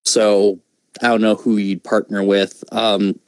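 A man co-hosting a casual review podcast, speaking in a relaxed, hesitant way. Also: on the low side, slow pace, smooth, no echo. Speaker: podcast co-host. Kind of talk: casual wrestling review chat.

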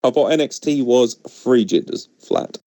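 A young Englishman with an English accent hosts a podcast full of casual, blunt, joking chat. His medium-pitched voice has lively intonation, normal speed, and a dark tone, recorded at studio quality with no room sound.

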